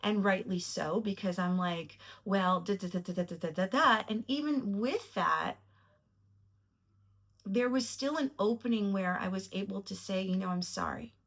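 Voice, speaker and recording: A woman's voice: mid-range voice, moderate pace, a bit bright. A woman telling a personal story to camera in a reflective, earnest way, at times emotional. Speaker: vlogger.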